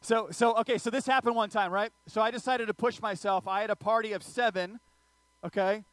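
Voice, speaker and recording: Male pastor, bright high voice, playful sermon storyteller. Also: brisk, dry recording. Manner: animated, joking, audience asides.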